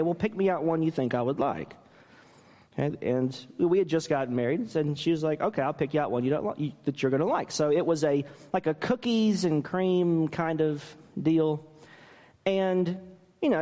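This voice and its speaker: A man's voice: a little high, dark tone, in a large hall. A man, a pastor, preaching a sermon and telling stories with self-deprecating humor.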